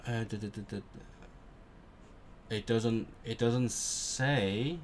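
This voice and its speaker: Man, low voice, very slow and unhurried; a language learner muttering through word drills on a casual study stream. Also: slight background noise. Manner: repeats words slowly, muttering to himself as he drills vocabulary; self-talk with restarts, low-key. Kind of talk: study stream, thinking aloud.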